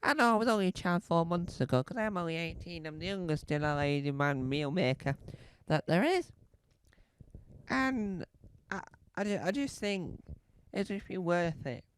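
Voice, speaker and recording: A performer voicing an excitable eighteen-year-old school dinner man who rambles through a story in a comedy sketch. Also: on the low side, normal speed, a little hiss or hum, lightly acted. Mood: chatty.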